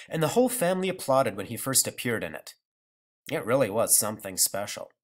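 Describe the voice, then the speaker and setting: A man reads a novel aloud in an expressive storytelling manner. His pitch rises and falls in lively swings, and it sounds like a plain home audiobook recording. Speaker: narrator. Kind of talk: audiobook reading.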